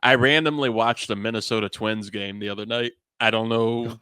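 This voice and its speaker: A man's voice: medium pitch, steady tone, moderate pace, bright, forceful tone, clean tone, dry recording, studio quality. A young man hosting a sports variety show, chatting casually in a rambling, self-amused way. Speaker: host.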